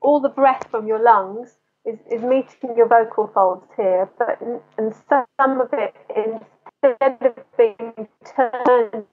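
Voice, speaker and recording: A woman vocal coach with a slightly high, steady voice takes it slowly as she explains singing technique in an interview, teaching and breaking into short sung demonstrations. Faint music plays behind her, and the line sounds tinny, like a phone.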